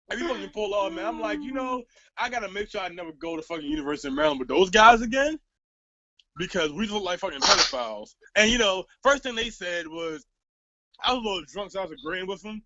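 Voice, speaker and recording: Animated high-voiced young man telling a story. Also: fairly quick, no room sound, highs cut off. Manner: animated, profane, laughs through the story. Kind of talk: casual storytelling chat.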